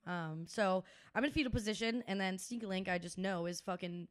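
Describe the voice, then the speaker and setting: A woman's voice: mid-range voice, brisk. Chatty young woman telling stories. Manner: chatty storyteller, swears freely, acts out quotes. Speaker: podcast co-host. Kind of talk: casual chat.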